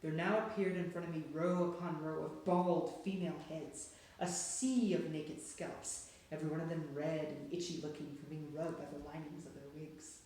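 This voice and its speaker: A reader telling a storybook aloud, dropping to a hush and rising with suspense. The pitch sits in the middle range. The voice rings in a very echoey room over a faint hum. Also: steady tone, normal speed, hardly any pauses. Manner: dramatic, hushed and then rising with suspense. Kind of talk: storybook read-aloud narration.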